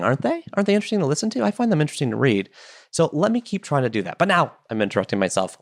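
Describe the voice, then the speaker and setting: A man talking through a solo podcast episode at home, his pitch bouncing all over as he goes. He is chatty and playful and keeps slipping into side jokes. His voice sits in an ordinary middle register. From Canada. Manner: playful, chatty, with quick tangents and asides. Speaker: podcast host. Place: home basement.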